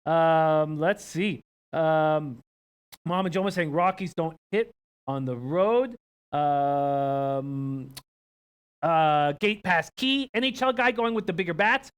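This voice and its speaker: A man's voice: fairly high pitch, takes it slowly, clean tone. A young man from Canada hosting a sports betting live stream, chatting casually, reading viewer comments and odds aloud with plenty of ums and uhs. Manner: relaxed, filler-heavy, reads betting lines aloud. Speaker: sports betting show host.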